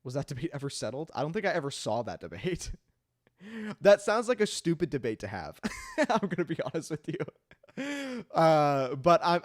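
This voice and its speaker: Animated young man laughing on stream. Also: mid-range voice. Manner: laughs often, swears, flustered and self-mocking. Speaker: streamer editing his own video. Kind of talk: casual live-stream chat.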